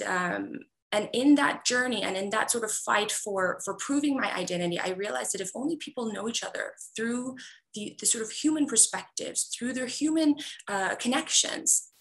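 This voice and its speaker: A woman's voice: on the high side, normal speed, a bit bright, low-quality recording. A woman who grew up in Iran, an author answering interview questions earnestly, with many fillers and restarts. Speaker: author guest.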